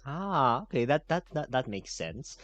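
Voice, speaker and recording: Man, host, casual interview, halting speech, dry close sound. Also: medium pitch, sing-song, a bit bright, no echo, muffled recording, faint music behind. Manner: hesitant, many restarts and fillers, laughs easily.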